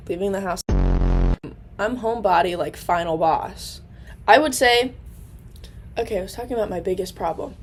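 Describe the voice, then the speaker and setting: A woman's voice: on the low side, darkish tone, slight background noise. A nineteen-year-old woman talking casually into her laptop camera in a diary-style vlog, chatty and rambling, with many fillers and self-deprecating asides. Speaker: college student vlogger.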